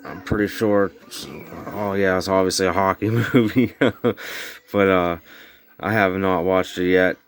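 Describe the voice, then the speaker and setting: A man's voice: deep voice, fairly even intonation, unhurried, long pauses. A man casually showing off his tape collection at home, rambling with lots of fillers and loose grammar, slightly slurred from snuff in his mouth. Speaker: VHS collector vlogger. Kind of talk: casual show-and-tell. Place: home bedroom.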